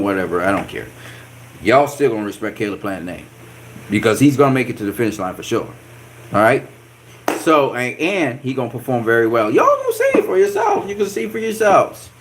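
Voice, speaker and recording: A man hosting a casual boxing commentary vlog, talking in an animated, profane way with repeated catchphrases. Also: medium pitch, a little hiss or hum. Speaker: boxing channel host.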